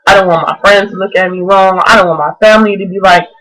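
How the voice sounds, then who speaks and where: A woman's voice: mid-range voice, steady tone, fast, fairly bright tone, low-quality recording. A woman in her twenties speaks straight to her camera in a vlog. She preaches earnestly and with fervent conviction, pressing every point home. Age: 20s. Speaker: vlogger.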